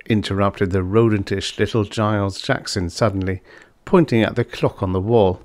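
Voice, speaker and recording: A man narrating a vintage science fiction short story as an audiobook, in a measured storytelling manner. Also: lowish voice, steady tone, a little mellow, no echo, studio quality. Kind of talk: scripted narration.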